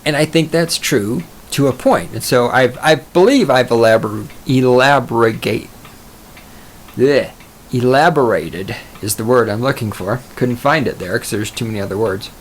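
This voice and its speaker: A man's voice: medium pitch, expressive, normal speed, hardly any pauses, slight background noise. Male solo podcaster, rambling and swearing, self-mocking, mid-range voice. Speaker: podcast host.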